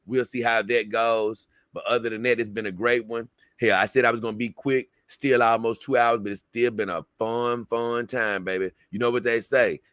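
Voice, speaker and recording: A man's voice: mid-range voice, fairly bright tone, no echo, studio quality. A man hosting a livestream and signing off in a loose, rambling way, calling viewers "man" and "baby.". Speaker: livestream host. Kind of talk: casual livestream sign-off.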